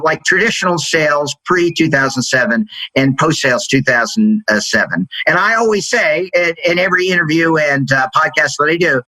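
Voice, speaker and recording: Here a middle-aged man, interviewed as a sales executive, answers with an animated story and voices the quoted dialogue in a raised, higher pitch. There's no echo, though the recording quality is low.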